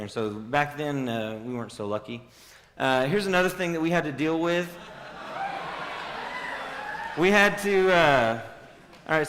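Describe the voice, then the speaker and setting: A man's voice: medium pitch, fairly bright tone. A man in his thirties giving a casual youth sermon, joking and quizzing the audience. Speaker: youth speaker. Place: large hall with audience. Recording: long hall reverb.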